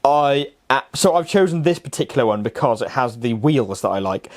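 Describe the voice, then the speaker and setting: A man's voice: medium pitch, lively intonation, a little fast, a little mellow. A young man co-hosting a casual car podcast, chatty and enthusiastic, laughing often. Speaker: podcast co-host. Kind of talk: casual chat.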